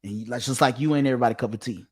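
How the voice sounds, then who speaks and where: A man's voice: medium pitch, racing, breathy edge. A man giving a preachy direct-to-camera monologue, emphatic and repetitive, with a sermon-like cadence. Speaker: online commentator.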